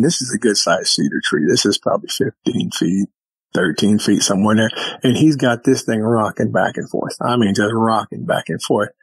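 A man's voice: mid-range voice, slightly rough, dry recording, rough recording. A man who is a podcast guest, telling a story in casual chat and acting out the exchanges with vivid detail.

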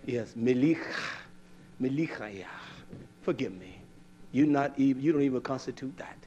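An older man preaching a sermon, scolding and fiery, swinging from low mutters to loud outbursts. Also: expressive, moderate pace, dull audio.

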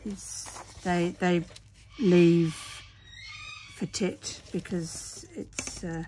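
A woman hosts a craft video from her table at home, chatting to the camera in an unhurried way. She talks herself through every step with little murmured asides. A steady background noise sits clearly under the recording. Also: on the low side. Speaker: craft channel host. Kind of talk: casual crafting chat to camera.

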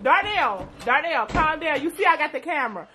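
Laughing young woman, high lively voice. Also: a little fast, faint music behind. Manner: laughing, teasing, keeps calling his name. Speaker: vlogger pulling a prank. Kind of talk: casual prank vlog.

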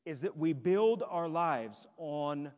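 Brief: a male pastor with a high voice, preaching emphatically through the sanctuary sound system, long reverb. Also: animated, slow, a little mellow. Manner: emphatic, rhetorical questions to the congregation. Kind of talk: sermon. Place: church sanctuary. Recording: long church hall reverb.

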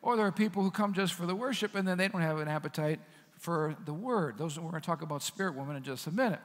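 A male pastor delivering a sermon in a church sanctuary, talking with the congregation as much as preaching to them. His voice sits high for a man. The room carries a long reverb. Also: fast. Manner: conversational, animated preaching with asides to the congregation.

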